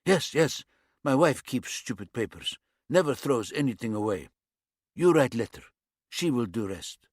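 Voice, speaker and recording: A man's voice: medium pitch, big pitch swings, a little slow, no room sound, studio quality. A man voicing a gaunt, tattooed Lithuanian prisoner who speaks blunt, broken English with a Lithuanian accent and a menacing edge. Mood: insistent.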